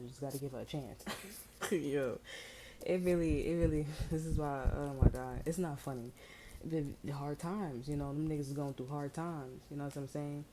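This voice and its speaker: A woman's voice: sits low, mellow, slight background noise, low-quality recording. A woman tarot reader in slangy, rambling casual chat, amused and full of fillers. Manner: amused, breaks into laughter.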